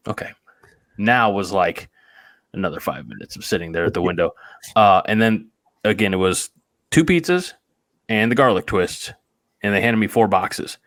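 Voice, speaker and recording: A man with a fairly low voice, chatting casually as a podcast host. He tells everyday stories at a loose, rambling pace. The sound is dry and close to the mic. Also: lively intonation, moderate pace, pauses often, fairly bright tone, no room sound. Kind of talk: casual chat.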